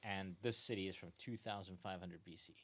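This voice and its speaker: This man co-hosts a comedy trivia podcast, rambling through casual comedic chat with plenty of fillers and frequent laughter. His voice sits low and a bit bright, with fairly even intonation and a slightly quick pace.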